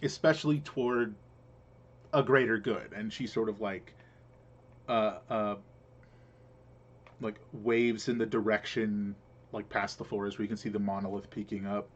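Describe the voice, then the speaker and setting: A man's voice: on the low side, flat delivery, a little slow, pauses often, dull audio. A man narrating as game master for a tabletop game, rambling with many fillers and restarts.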